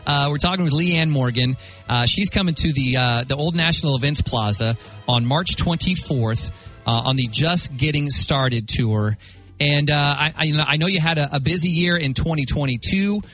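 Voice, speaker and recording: A man hosts a morning radio show with a bright, forward tone and a slightly raised pitch. He is friendly and asks his questions with plenty of hesitant fillers. Faint music hums beneath. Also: normal speed, low-quality recording. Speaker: radio host.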